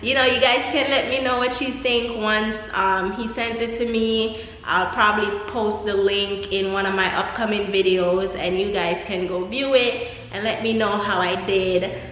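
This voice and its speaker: A woman's voice: mid-range voice, fairly even intonation, normal speed, a bit bright. A young woman with a Jamaican accent chatting casually as a vlogger, laughing often and rambling through asides. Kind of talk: casual chat. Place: empty apartment. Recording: echoey empty room.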